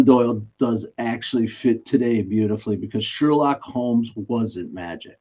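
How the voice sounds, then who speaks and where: A man's voice: mid-range voice, moderate pace, hardly any pauses, mellow, slightly rough. A man hosting a casual live stream, chatty and self-mocking, often laughing mid-sentence. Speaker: live stream host running a daily trivia guess. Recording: dull lo-fi stream audio.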